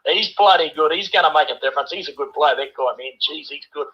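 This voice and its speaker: Bright-voiced older man rambling about rugby. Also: on the high side, quick pace, muffled recording. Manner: chatty, peppers every line with "bloody" and "eh?". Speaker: caller sending a voice message. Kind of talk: rambling rugby opinion message.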